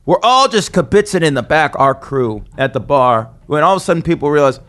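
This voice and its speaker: A man telling a rowdy story in a casual podcast chat, animated and swaggering, acting out the people he describes. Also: on the high side, fairly quick. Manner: animated, swaggering storyteller who acts out the people in his stories. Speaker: podcast co-host.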